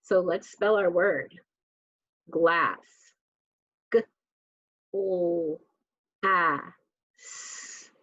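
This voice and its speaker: A woman teaching spelling goes letter by letter at a very slow, careful pace. Her lowish voice is a little bright, recorded close and dry without any room sound, though the audio is dull and muffled in a lo-fi way.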